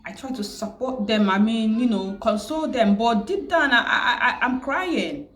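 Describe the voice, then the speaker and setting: A tearful, grieving woman who keeps repeating herself and pausing, vlogging about her loss. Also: a little high, reverberant, faint music behind. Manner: grieving, repetitive, pausing often. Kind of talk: emotional personal vlog.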